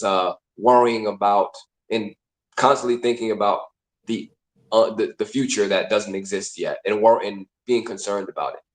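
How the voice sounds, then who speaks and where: A man hosting a casual talk, explaining in a conversational way and acting out inner voices. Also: fairly low pitch. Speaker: host. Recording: echoey room.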